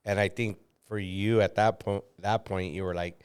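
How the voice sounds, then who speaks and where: Deep smooth-voiced man hosting. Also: fairly even intonation, moderate pace. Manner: draws guest out with leading questions. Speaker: podcast host. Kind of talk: casual podcast chat.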